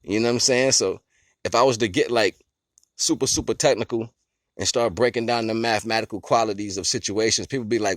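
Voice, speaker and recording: A man's voice: fairly low pitch, steady tone, brisk, dry recording. Laid-back, chuckling man in a dry room. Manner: laid-back and rambling, with frequent chuckles and constant "you know what I'm saying"; explains ideas with simple everyday analogies. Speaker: vlogger sharing life philosophy. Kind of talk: casual monologue.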